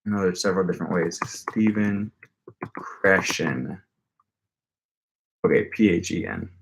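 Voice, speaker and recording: Speaking in a low voice at a measured pace, a young man runs a laid-back language-learning live stream, reading out viewer comments and rambling with lots of fillers and restarts. There's a little hiss or hum in the background.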